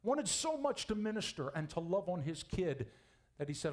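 Guy preaching in church, voice goes up and down a lot, kinda high. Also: normal speed. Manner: animated, acts out quoted voices, chuckles often. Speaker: pastor. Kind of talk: sermon.

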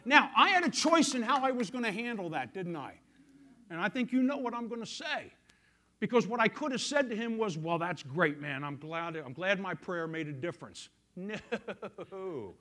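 A male pastor preaching a sermon, telling a story and swinging from loud emphasis to hushed quiet. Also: high voice, expressive, moderate pace.

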